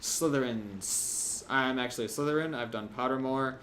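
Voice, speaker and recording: A young man commentating a video game playthrough, chatty and jokey, with sudden loud yelps. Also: mid-range voice, moderate pace, slight background noise. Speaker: gameplay commentator. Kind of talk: let's play commentary.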